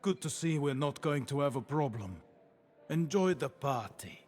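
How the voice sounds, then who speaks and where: A man's voice: fairly high pitch, expressive, normal speed, darkish tone, slight background noise, natural voice. A man playing a smug crime boss. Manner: smug, dismissive. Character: smug arrogant male crime boss host. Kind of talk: video game voice acting.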